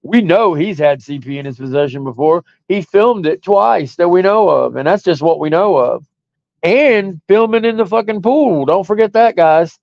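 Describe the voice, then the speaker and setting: A man with a fairly high voice ranting to his stream audience, profane, mocking and combative. The sound is dry and close, with a slightly dull lo-fi quality. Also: lively intonation, moderate pace, vocal fry, darkish tone, no room sound. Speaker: stream host. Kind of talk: ranting monologue.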